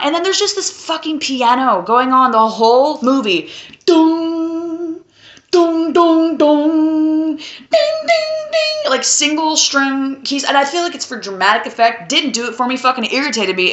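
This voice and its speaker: Blunt, sarcastic woman with a bright voice. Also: on the high side, dull audio. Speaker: film reviewer. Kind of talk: casual video review. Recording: roomy echo.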